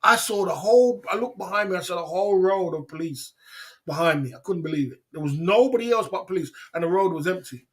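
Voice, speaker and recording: Quick-paced with a high, husky voice, this British livestream host rambles through casual stories, chuckling frequently and asking listeners "you know what I'm saying" again and again.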